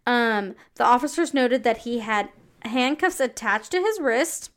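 A woman's voice: on the high side, animated, a little slow. Profane woman telling a true-crime story. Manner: profane, filler-heavy, quotes people in voices. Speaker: podcast co-host.

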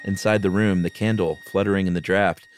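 Low-voiced man reading a ghost story. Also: steady tone. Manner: measured, dramatic storytelling. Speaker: podcast co-host and reader. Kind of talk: reading a ghost story aloud with casual chat.

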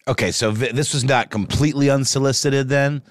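A man's voice: mid-range voice, steady tone, brisk, no echo, clean studio sound. A man co-hosting a podcast in casual chat, rambling into joking asides with plenty of fillers. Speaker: podcast co-host.

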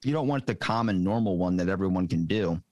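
A man's voice: low voice, lively intonation, fast talker, darkish tone, dry recording, lo-fi sound. An American man hosting a casual podcast chat, joking and slangy. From United States.

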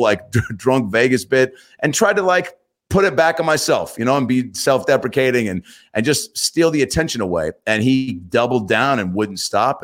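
A man, a comedian and actor, telling stories as a guest in a casual interview, acting out what people said. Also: lowish voice. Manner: animated storyteller, acts out quotes.

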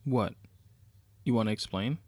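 A man's voice: fairly low pitch, unhurried, darkish tone. A man reading a horror story aloud, voicing a vengeful scheming woman who taunts her captive in a sarcastic, mocking way. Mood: taunting.

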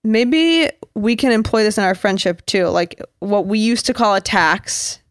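A woman's voice: mid-range voice, clear, resonant tone, dry recording, studio quality. Playful young woman co-hosting a podcast. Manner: playful, jokey, quick to act out silly voices. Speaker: podcast co-host. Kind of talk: casual chat.

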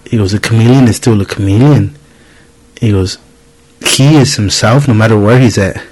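A man's voice: fairly low pitch, moderate pace, darkish tone, rough recording. A man in his thirties hosting a podcast, telling a story in casual chat, swearing freely and acting out the people he quotes. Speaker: podcast host.

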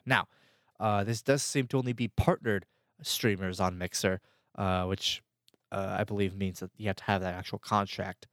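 A man's voice: fairly low pitch, dry recording, clean studio sound. A man hosting a casual podcast, explaining a topic with lots of fillers. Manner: filler-heavy, chatty explaining. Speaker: podcast host. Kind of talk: casual chat.

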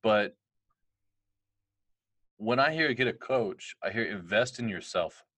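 A male podcast host with a low voice reasons aloud before he asks his question. His tone is thoughtful and conversational. The sound is dry, with little trace of the room. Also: animated, slow, bright, forceful tone, no room sound. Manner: reflective, builds up to his questions. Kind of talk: casual interview.

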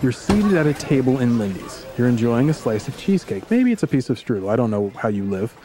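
A man hosting a podcast, telling a story in animated, casual chat with plenty of "like" and "you know". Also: medium pitch, brisk. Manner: animated, conversational, says "like" a lot.

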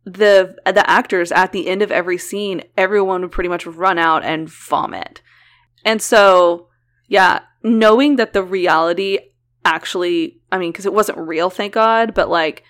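A woman's voice: on the low side, normal speed, fairly bright tone. A woman co-hosting a podcast, chatting casually and animatedly, often laughing. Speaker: podcast co-host. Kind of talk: casual chat.

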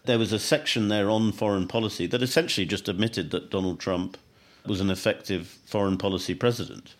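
A man with a very deep voice hosts a podcast interview. He raises points in a measured, conversational way. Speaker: podcast host.

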